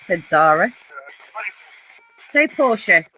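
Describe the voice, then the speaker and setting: A woman running a spirit box session, asking questions out loud and reacting with excitement. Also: lowish voice, slow pace, music in the background, poor audio. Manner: excited, asks questions aloud. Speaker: paranormal investigator. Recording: phone recording with radio static behind. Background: spirit box radio static.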